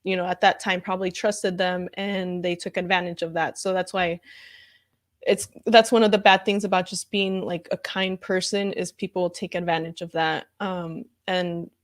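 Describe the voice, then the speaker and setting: A woman's voice: fairly low pitch, fairly even intonation, moderate pace. A woman reacting on camera in a casual vlog, talking in an upset, heated way with lots of fillers, and reading viewer comments aloud. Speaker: comedian reacting to news.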